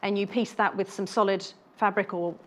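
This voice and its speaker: A woman's voice: mid-range voice, fairly even intonation, a little fast. A woman explaining her bag-making samples step by step on a TV shopping craft show. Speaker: guest bag maker.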